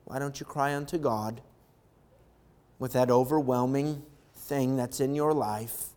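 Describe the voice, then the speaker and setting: A man preaching a sermon, reading scripture and swinging from quiet, low talk to loud, impassioned calls. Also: fairly even intonation, measured pace, long reverb tail. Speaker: pastor.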